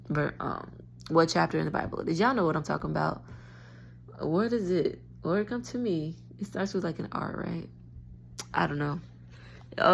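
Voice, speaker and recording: A woman's voice: sits low, gravelly, a little hiss or hum. A tired woman rambling in a frustrated, stream-of-consciousness rant into her phone, often restarting her thoughts. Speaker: spiritual vlogger.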